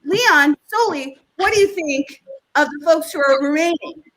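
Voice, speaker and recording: A woman with a high, bright voice hosts a live comedy show. She reads joke headlines and banters with the panel in a bubbly, giggly way that keeps breaking into laughter. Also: lively intonation, unhurried, low-quality recording. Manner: bubbly, giggly, self-interrupting. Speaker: host.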